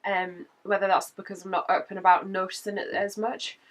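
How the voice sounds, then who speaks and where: Croaky woman vlogging. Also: medium pitch, flat delivery, fairly quick, recorded from a distance. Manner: chatty, laughs between points. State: croaky from a cold. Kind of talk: casual chatty update.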